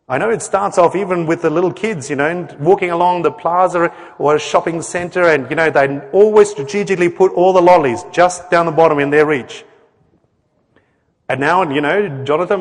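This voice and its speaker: A middle-aged man preaching a sermon, earnest and conversational, often acting out quotes and putting questions to the congregation. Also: on the high side. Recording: long hall reverb.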